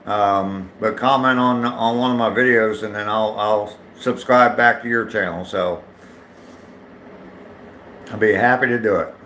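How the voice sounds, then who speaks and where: A man's voice: on the low side, fairly even intonation, unhurried, pushed and bright, slight background noise. An older man from Ohio who hosts a daily live stream, chatting casually with viewers while out on a walk and greeting them by name, with many ums. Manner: reads viewer names aloud and chats back, with many ums. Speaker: livestream host. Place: outdoors on a walk.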